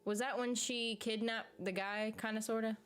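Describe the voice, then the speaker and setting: A woman's voice: on the high side, steady tone, moderate pace, clear, resonant tone. Chatty woman reading stream comments. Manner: chatty, rambling, laughs often, reads comments aloud. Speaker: YouTube streamer reading chat. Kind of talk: casual live-stream chat about a TV series.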